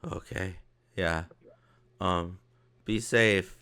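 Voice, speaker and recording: A man's voice: sits low, bright, forceful tone, clean tone, heavily acted. A man voicing a small, timid male goblinoid who stammers and hesitates. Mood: shy. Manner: hesitant, halting with ums.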